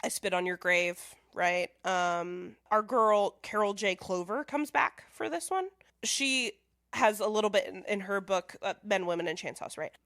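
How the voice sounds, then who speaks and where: A woman's voice: mid-range voice, unhurried, fairly bright tone, no echo, clean studio sound. Chatty woman co-host, explanatory, casual filler-heavy delivery. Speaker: podcast co-host. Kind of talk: casual film discussion.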